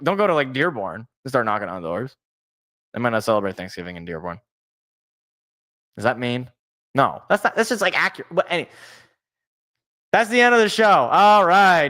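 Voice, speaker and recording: A man's voice: a little high, fairly bright tone. A young man hosting his own sports show, chatting casually and rambling into joking, self-deprecating tangents. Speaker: sports podcast host. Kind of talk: casual solo sports talk.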